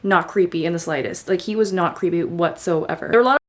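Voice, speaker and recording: A woman's voice: lowish voice, fast. Bubbly, chatty young woman vlogging. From Boston. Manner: chatty and bubbly, full of "like" and "you know". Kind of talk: casual vlog narration.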